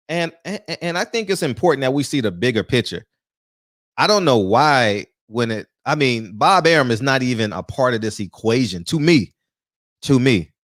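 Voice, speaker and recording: A man's voice: mid-range voice, a bit bright, no echo, studio quality. A man, hosting a live-streamed boxing talk show, greeting viewers by name in loose, casual chat, swearing easily and laughing often. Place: small room.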